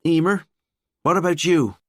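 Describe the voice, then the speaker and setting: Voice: mid-range voice, moderate pace, no echo, clean studio sound, voice pushed up, natural voice. A male narrator voicing a young woman detective who speaks firmly and directly. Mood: calming. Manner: firm, urgent when shouting.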